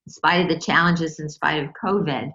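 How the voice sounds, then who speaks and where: An older woman speaking as a guest, thoughtful and gentle, with halting phrasing. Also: sits low, steady tone, highs cut off. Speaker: guest, caregiver wife. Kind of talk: casual conversation.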